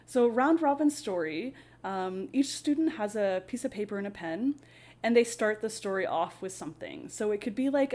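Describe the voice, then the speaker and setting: Woman esl teacher host, relaxed chatty explainer, lots of ums, medium pitch.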